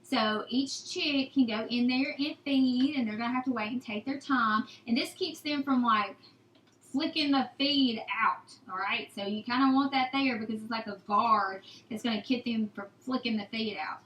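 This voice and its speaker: A woman's voice: on the high side, moderate pace, a bit bright, echoey room, low-quality recording. A young woman, chatting folksily through a how-to on raising chicks for her homestead channel, calling viewers "y'all" and "guys". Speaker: homesteading vlogger. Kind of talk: casual how-to talk.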